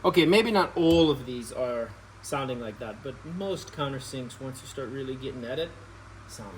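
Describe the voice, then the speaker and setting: A man's voice: mid-range voice, lively intonation, moderate pace, a little hiss or hum, rough recording. A man vlogging casually, talking through each step while he works on a vehicle. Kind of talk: casual how-to narration.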